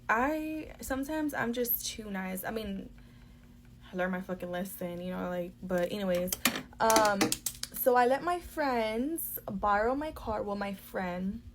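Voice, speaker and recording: A woman's voice: mid-range voice, a bit bright. A young woman from the spills a storytime straight into her phone camera. She talks in a casual, blunt, profane way, with constant "like" fillers and a mid-range voice.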